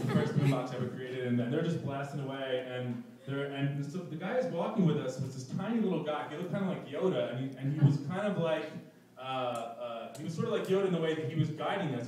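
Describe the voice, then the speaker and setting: A man's voice: medium pitch, darkish tone, slight background noise. A young man telling a personal story at a live event, self-mocking and laughing through his lines. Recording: echoey room, distant mic.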